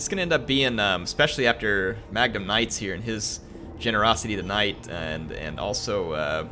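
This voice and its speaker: A young man on a gaming stream reading a viewer's message aloud, halting and emotional, full of ums, earnest and grateful. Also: on the low side, pushed and bright. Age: young adult.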